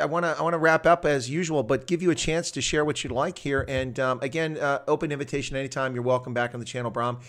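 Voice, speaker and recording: A male host from the United States who talks quickly and at length. His chat is loose and enthusiastic, full of restarts and asides. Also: mid-range voice, a bit bright. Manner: chatty, rambling, enthusiastic. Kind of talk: casual interview chat.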